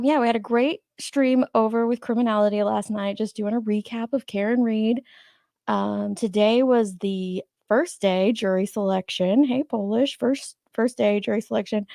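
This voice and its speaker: Hosting a livestream, a woman chats casually with her viewers, greets them by name, and sounds a little sleepy. Her medium-pitched voice has vocal fry and a darkish tone, recorded dry with clean studio sound.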